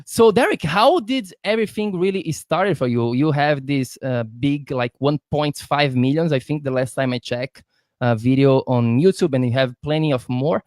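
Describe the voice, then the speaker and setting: A friendly, eager man from Brazil hosts a live interview over a video call, speaking English as a native Portuguese speaker. His voice sits a bit high for a man and he often calls his guest "man". The recording is dry and close. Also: moderate pace, darkish tone, dry recording. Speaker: podcast host. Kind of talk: casual livestream interview.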